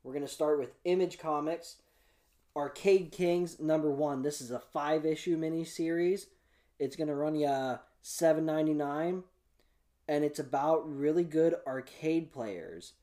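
A man's voice: fairly high pitch, unhurried, warm tone. A young man hosting his own show, chatting casually and rambling with plenty of fillers as he runs through upcoming releases. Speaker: comic preview host. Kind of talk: casual solo vlog.

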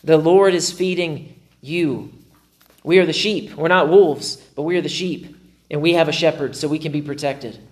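A male pastor preaching a sermon to a live congregation. He is animated and often acts out his own inner dialogue with self-mocking humor. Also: a little high, moderate pace.

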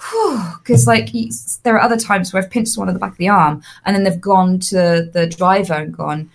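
A young adult woman, an interview guest, telling lively personal anecdotes with frequent fillers and restarts. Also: on the low side, brisk, vocal fry. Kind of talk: casual storytelling.

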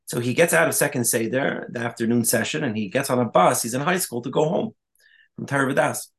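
A rabbi giving a conversational Torah talk, telling stories with Hebrew and Yiddish terms and quick asides. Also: male voice, medium pitch, creaky, a bit bright.

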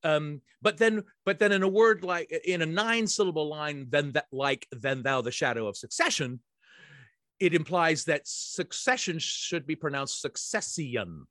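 A man's voice: a little high, measured pace, few pauses, fairly bright tone, dry recording, clean studio sound. A man guesting on a podcast, talking about theatre in an emphatic, wry way, full of fillers and restarts. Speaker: guest, theatre director and writer. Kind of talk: casual podcast conversation.

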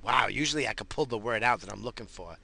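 Gravelly, sharp-voiced ranting man, high. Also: quick pace, no echo. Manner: profane, slangy, rambling. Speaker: commentator. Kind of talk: rambling comedic rant.

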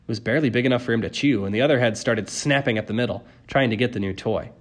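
Casting: male audiobook narrator, mid-pitched, steady and wry first-person storytelling. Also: fast. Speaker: audiobook reader.

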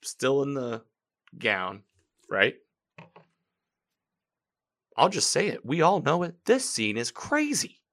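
A man hosting a podcast, giving casual, animated commentary as he recaps a TV episode, quoting lines and laughing. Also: mid-range voice, slow pace, pauses often. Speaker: podcast host. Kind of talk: casual live-watch commentary.

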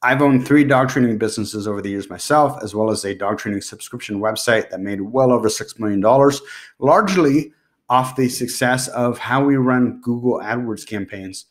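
A man's voice: medium pitch, moderate pace. A man hosting a solo podcast, giving direct, emphatic business advice and repeating his key points. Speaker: podcast host.

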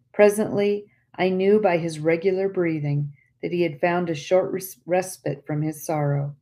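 Woman audiobook narrator, low and mellow, slow, tender delivery. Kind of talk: reading an audiobook.

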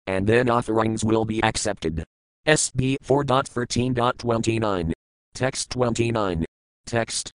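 A man giving a measured, scripted reading of verses, word-by-word meanings and commentary. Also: mid-range voice, no room sound, rough recording. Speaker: scripture reader.

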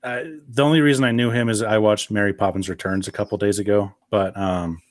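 A man's voice: on the low side, fairly even intonation, brisk, no room sound. A man hosting a casual movie review chat, laughing often and leaning on fillers.

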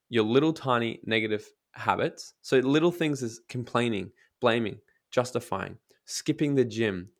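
A man who works as a motivational speaker and coach, talking in a casual interview with energy and blunt, profane language, acting out inner voices. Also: mid-range voice. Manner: energetic, blunt, swears freely; acts out inner voices in quotes.

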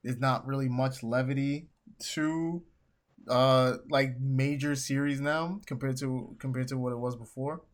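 A man's voice: mid-range voice, steady tone, measured pace. A man co-hosting a comics podcast, laid-back and a little hesitant, using many fillers. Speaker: podcast co-host. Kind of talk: casual chat.

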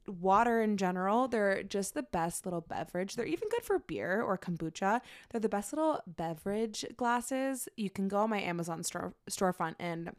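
A woman's voice: fairly low pitch, smooth. A young woman, heavily pregnant and a little out of breath, chatting casually and rambling as she hosts her own podcast, laughing often. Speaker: podcast host. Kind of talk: casual solo podcast chat.

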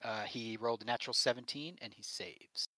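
Low-voiced woman game master. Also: sharp tone, no echo. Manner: laughs often, quick voices for villain. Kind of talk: narrating a tabletop game.

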